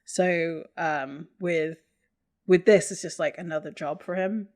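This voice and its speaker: A woman's voice: fairly low pitch, steady tone, a little slow, a little mellow. A young woman co-hosting a podcast, chatting casually with lots of fillers and laughs. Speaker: podcast co-host. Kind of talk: casual chat.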